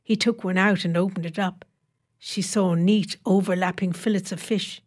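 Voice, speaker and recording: Female narrator, measured wry short-story reading. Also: fairly low pitch, steady tone, a little mellow.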